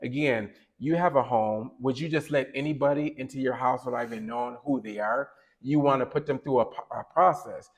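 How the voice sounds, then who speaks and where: A man's voice: medium pitch, fairly quick, few pauses. A man co-hosting a podcast, giving opinionated casual commentary that rambles and corrects itself as he goes. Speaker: podcast co-host.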